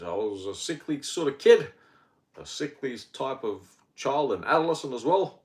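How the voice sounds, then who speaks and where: A man's voice: on the low side, gravelly. A man in his fifties with an Australian accent, hosting a casual health podcast monologue in a rambling, blunt and sardonic way.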